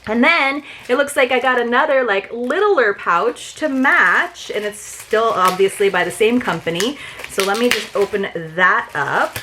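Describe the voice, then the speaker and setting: A woman's voice: fairly high pitch, expressive, a little slow, pushed and bright, slight background noise. Woman vlogger, casual unboxing chat, gushing, filler-heavy delivery. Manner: chatty and gushing, many fillers.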